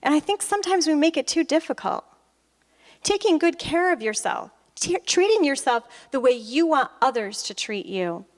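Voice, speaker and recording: Woman, high voice, middle-aged, motivational stage talk, animated storytelling, acts out dialogue. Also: moderate pace. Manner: animated storyteller who acts out conversations and laughs often. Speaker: motivational speaker and author. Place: stage at an expo.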